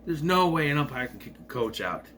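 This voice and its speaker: A man's voice: on the high side, big pitch swings, fairly quick, sharp tone, slight background noise. A man giving a casual, rambling movie review with sarcastic asides.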